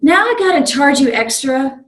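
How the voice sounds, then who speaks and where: A woman voicing a young male train conductor, loud and exasperated as he berates a passenger. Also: sits high, expressive, moderate pace, echoey room, recorded from a distance, voice pushed up. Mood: scolding.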